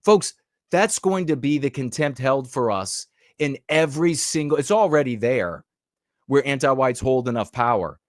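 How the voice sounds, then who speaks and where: A man's voice: mid-range voice, expressive, normal speed, dry recording, studio quality. A man giving heated, emphatic podcast commentary over news clips, with frequent rhetorical flourishes.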